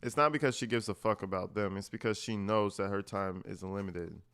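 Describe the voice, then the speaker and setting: A man's voice: lowish voice, a little fast, a bit bright, clean tone. A man giving casual commentary on meeting clips, blunt, mocking and full of swearing.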